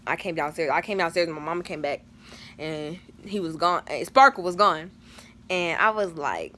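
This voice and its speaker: A woman's voice: fairly low pitch, a little fast, fairly bright tone, a little hiss or hum. A teenage girl telling a storytime vlog in a chatty, dramatic way, full of slang and fillers. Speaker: vlogger.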